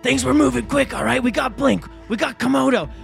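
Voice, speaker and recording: A man's voice: very high voice, fairly quick, vocal fry, over music. A man playing a tabletop game, talking in character in a rambling, exasperated, joking way. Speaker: player.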